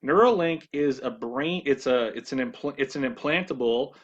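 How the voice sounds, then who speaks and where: A man presenting a ministry video in a casual monologue, halting often with restarts and repeated words. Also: medium pitch, lo-fi sound.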